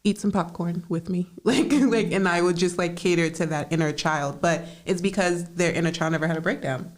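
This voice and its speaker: A woman chats casually as a therapist co-hosting a podcast, acting out quotes and laughing often. Her voice sits on the low side. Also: a little fast. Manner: animated storytelling, laughs often, acts out quotes. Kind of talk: casual chat.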